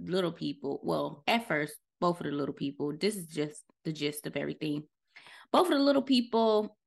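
A woman's voice: fairly low pitch, gravelly. A woman hosting a podcast, giving a casual motivational talk and chatting loosely to listeners as "y'all". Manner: loose, conversational, self-correcting. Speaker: podcast host.

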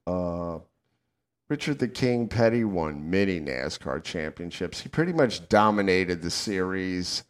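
A middle-aged man from the American South hosts a casual chat show. He talks with a Southern accent, swears freely, laughs often, and his pitch swings widely. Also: animated, a little slow. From southern United States. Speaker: podcast co-host.

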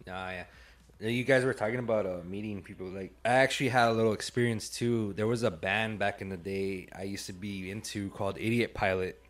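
A man's voice: fairly low pitch, fairly even intonation, a little fast. A man on a casual podcast, laid-back, chiming in briefly before telling his own story. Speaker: podcast co-host. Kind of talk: casual chat.

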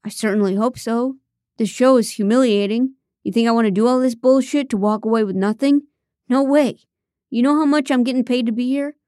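A woman's voice: fairly high pitch, warm tone, no room sound, studio quality, pitched above the performer's own voice, natural voice. A woman reading the part of a defensive young male reality-show contestant in an audiobook, talking evasively and backpedalling. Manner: defensive, stammering, quick to backpedal.

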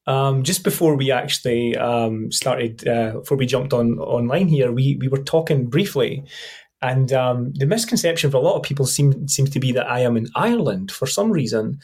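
A Scottish man chatting casually as a podcast guest, relaxed and full of fillers. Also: mid-range voice, normal speed, breathy edge. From Scotland. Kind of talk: casual conversation.

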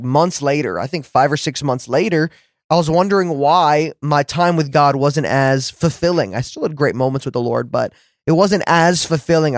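A man hosting a faith podcast, teaching in an earnest, conversational way and acting out his own words with lively shifts. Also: on the high side, dry recording, clean studio sound. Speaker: podcast host and preacher.

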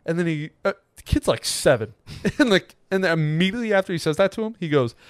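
A young man co-hosting a casual podcast chat, telling stories with lively impressions of the people in them. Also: fairly high pitch, fast talker, smooth, no echo, studio quality. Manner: animated storyteller acting out quoted people. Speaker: podcast co-host.

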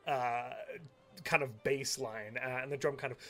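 A man's voice: medium pitch, steady tone, a little slow, a bit bright. A man narrating a tabletop game as game master, describing scenes with many fillers.

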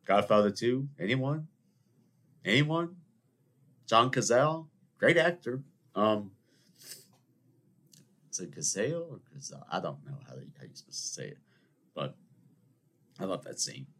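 Lively, rambling podcast host, a man. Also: fairly low pitch, a little slow, pauses often. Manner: rambling, animated and self-mocking. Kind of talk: casual solo monologue.

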